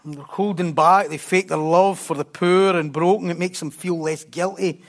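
A preacher with a fairly high voice gives a lively, conversational sermon at a moderate pace. He pauses for jokey asides and alternates between hushed, quiet phrases and loud, excited passages.

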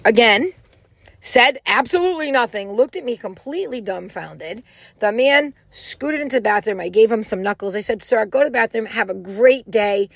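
A middle-aged woman telling a personal story in a casual, animated way, acting out what people said. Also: a little high, vocal fry, no echo. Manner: animated, quotes people in raised voices.

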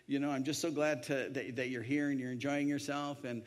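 A man's voice: mid-range voice, fairly even intonation, brisk, close to an everyday voice. A man voicing a friendly, eager male hotel waiter who is keen to please. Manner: eager and hospitable.

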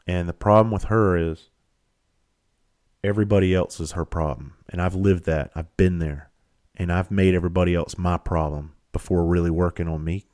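A man's voice: low voice, a little mellow. A man, a comedian, telling a long personal story in a blunt, profane, conversational way. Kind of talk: storytelling monologue.

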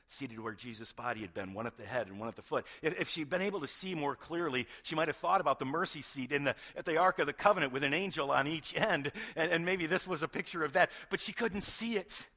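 A middle-aged man preaches a sermon in a bright, slightly high voice. He tells the story in animated turns, sinking to near-whispers and rising to emphatic peaks. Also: fairly quick. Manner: animated storytelling, swings between hushed and emphatic. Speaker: pastor.

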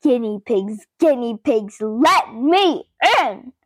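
A woman voicing a hungry male fox, the villain of a children's storybook, who calls out in slow, drawn-out words. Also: on the high side, lively intonation, breathy edge, no echo, clean studio sound, heavily acted. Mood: menacing.

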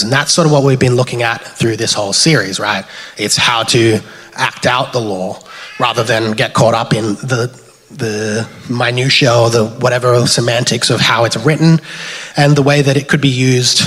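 A man with an Australian accent giving a relaxed, chatty sermon with slides, thinking aloud as he goes. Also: mid-range voice. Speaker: preacher. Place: church hall. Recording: long hall reverb.

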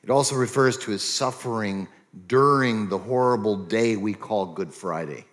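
A man preaching a sermon as pastor, reading scripture aloud and explaining it in a measured way. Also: on the low side, fairly bright tone.

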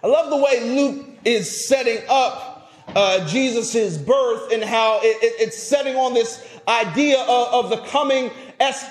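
A male pastor preaching a sermon, emphatic, rising to loud peaks and dropping low at phrase ends, often repeating words as he restarts. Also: unhurried. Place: church sanctuary. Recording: echoey church sanctuary.

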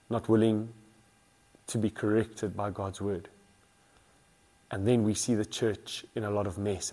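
A man's voice: mid-range voice, mellow. A man preaching an earnest sermon as a pastor, building emphasis through repeated phrases.

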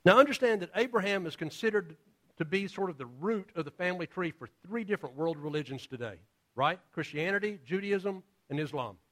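A male pastor preaches in a relaxed, conversational storytelling style, often acting out the figures he describes. His voice sits a little higher than most men's, and his pitch swings widely and expressively. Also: a little fast. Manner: casual, storytelling with acted-out voices. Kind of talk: sermon.

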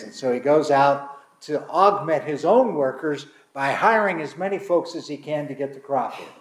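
Male pastor, slightly high voice, casual storytelling sermon, big dramatic emphasis, roomy reverb. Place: congregation hall. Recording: echoey room.

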